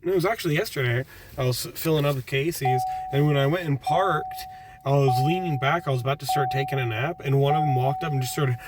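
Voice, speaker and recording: A young man with a medium-pitched voice talks fast, rambling through profane stories with laughs while sitting in his car. He's a food delivery driver making a casual storytelling vlog. The mic is distant and road noise is loud.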